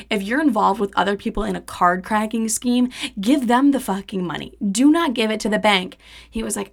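A woman's voice: medium pitch, fairly bright tone. A young woman in her twenties telling a story in a casual, profane monologue, often rising to indignant outbursts.

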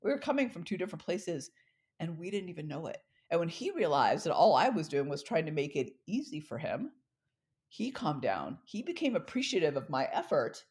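A middle-aged woman telling a personal story in a talk, expressive and acting out the dialogue she recalls. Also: low-pitched, a little fast. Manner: expressive, acts out quoted dialogue. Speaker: speaker.

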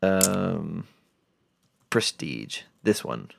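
A man co-hosts a loose chat about video games, throwing in blunt, jokey asides. His voice is low with a gravelly, creaky edge. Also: sing-song, drawn-out words. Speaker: podcast co-host.

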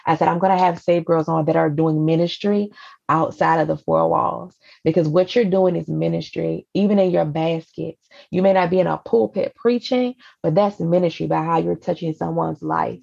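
A woman's voice: deep voice, fairly even intonation, moderate pace, vocal fry, darkish tone. A woman hosting a faith podcast, speaking earnestly and encouragingly with a preacherly cadence. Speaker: podcast host. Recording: dull lo-fi sound.

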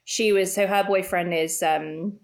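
A woman's voice: fairly low pitch, steady tone, measured pace. A young woman co-hosting a podcast, chatting casually and laughing often. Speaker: podcast co-host. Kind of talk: casual chat.

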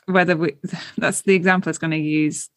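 A woman's voice: on the low side, steady tone, a little fast. Chatty British woman, teasing. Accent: British English. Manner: chatty, teasing, laughs often, says "like" and "um" a lot. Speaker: podcast co-host. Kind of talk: casual chat.

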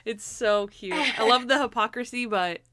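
A young woman chatting casually about a TV episode, animated, acting out the characters' lines, with lots of "like" fillers. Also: fairly high pitch, normal speed, dry recording, studio quality. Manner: frequent "like" fillers. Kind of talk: casual chat recapping a TV episode.

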